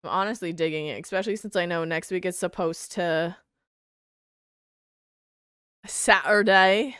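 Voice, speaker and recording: A woman's voice: lowish voice, fairly even intonation, fast, smooth, no room sound, clean studio sound. A young woman streamer chatting casually with her viewers while gaming, reading their messages aloud and swearing freely.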